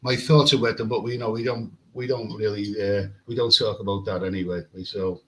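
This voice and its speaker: Bright-voiced rambling man. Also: fairly low pitch, steady tone, brisk, slight background noise, poor audio. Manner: rambling, repeats words, chatty. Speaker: travel vlogger. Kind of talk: casual live stream chat reading comments. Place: hotel room with air conditioning.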